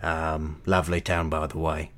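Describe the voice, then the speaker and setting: A man's voice: a bass voice, little pitch movement, normal speed, a bit bright. A man voicing a hungry, wisecracking turtle adventurer who rambles in a wry, hesitant way.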